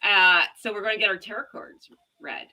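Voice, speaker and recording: An American woman hosts a relaxed livestream chat with a guest. Her voice is very bright and forward, at a middle pitch. She tells stories and laughs often as she goes. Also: normal speed, rough recording. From United States. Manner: chatty, laughs often, storytelling. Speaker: channel host.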